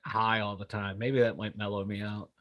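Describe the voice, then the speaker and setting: A man's voice: fairly low pitch, normal speed, dry recording, lo-fi sound. A man, co-hosting a casual podcast chat, sarcastic and self-deprecating. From western Pennsylvania. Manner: animated, sarcastic, self-deprecating, laughs often. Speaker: podcast co-host.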